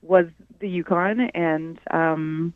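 A woman's voice: sits low, steady tone, slow pace, dry recording. Giggly woman on a tinny phone line. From Canada. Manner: giggly, hesitant, lots of ums. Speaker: singer-songwriter guest. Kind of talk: casual interview. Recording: dry, phone-like narrow sound.

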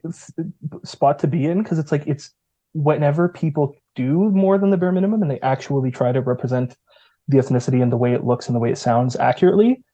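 Dark-voiced man in rambling casual chat. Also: medium pitch. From Greek family background. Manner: rambling, many fillers and restarts. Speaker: video essay co-host.

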